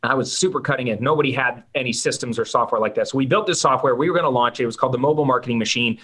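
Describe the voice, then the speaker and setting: Male podcast guest, animated storyteller, clear bright voice, mid pitch. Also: rapid-fire. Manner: animated, self-mocking storyteller.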